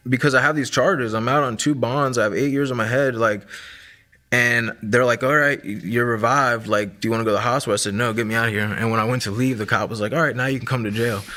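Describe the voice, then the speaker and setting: A man's voice: mid-range voice, steady tone, fast talker, sharp tone. A man in his thirties sharing a personal testimony in a casual, conversational way, full of fillers like "like" and "man".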